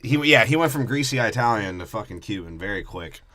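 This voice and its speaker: A man's voice: lowish voice, expressive, quick pace, pushed and bright, no room sound. A young man co-hosting a crude comedy movie review podcast, rambling and mocking. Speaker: podcast co-host.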